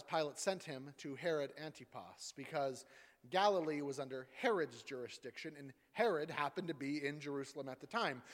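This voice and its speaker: Dramatic male scripture reader, echoing church. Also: fairly high pitch. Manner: acts out the voices in the passage, rising loud for the crowd. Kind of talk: dramatic liturgical reading.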